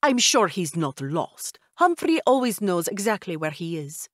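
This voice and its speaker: A woman voicing a tall, imposing witch who runs a cafe, smooth and evasive in an audiobook. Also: lowish voice, sing-song, a little slow, no room sound, clean studio sound. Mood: cool, aloof. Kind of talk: audiobook character voice.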